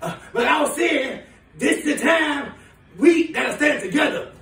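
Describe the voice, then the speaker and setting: A man playing a furious, foul-mouthed woman who runs a big city, ranting in shouts and laughter. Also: extremely high pitch, lively intonation, normal speed, heavily acted. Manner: shouting, profane, laughing rants. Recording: echoey room, voice from far off.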